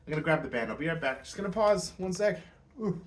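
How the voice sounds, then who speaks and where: A man's voice: a little high, lively intonation, fast. A young man vlogging his home workout, chatty and joking to himself between exercises. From Canada. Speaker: fitness vlogger. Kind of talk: casual workout vlog. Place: home room at night. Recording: roomy distant mic with faint background hum.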